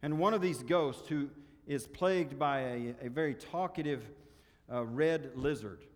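A man preaching a sermon, earnest and exhorting, often dropping softer to drive a point home. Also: fairly high pitch, measured pace, big-room sound. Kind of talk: sermon with story reading.

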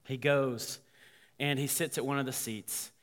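A man, a pastor, telling a story in a sermon, animated and voicing the people in it. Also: mid-range voice, unhurried. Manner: animated, quoting characters. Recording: long hall reverb.

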